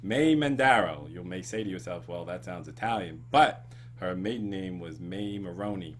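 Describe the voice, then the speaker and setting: A man's voice: low voice, animated, moderate pace, a little hiss or hum. A man hosting a casual comedy chat show, rambling with ums and laughs. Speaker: show host.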